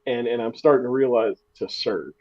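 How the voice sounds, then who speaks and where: A man's voice: medium pitch, fairly quick, highs cut off. A man co-hosting a podcast in casual chat, telling stories with a self-deprecating humor and frequent restarts. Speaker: podcast co-host.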